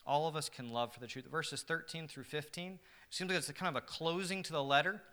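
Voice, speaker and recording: A male pastor preaches earnestly and emphatically at a medium pitch. He moves between quiet reflection and loud emphasis.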